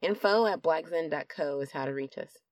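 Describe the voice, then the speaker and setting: A woman's voice: sits low, a little fast, a little mellow, no room sound. A woman with a lisp co-hosting a casual meditation podcast, speaking in an upbeat, playful way with slang. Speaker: podcast co-host. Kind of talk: casual chat.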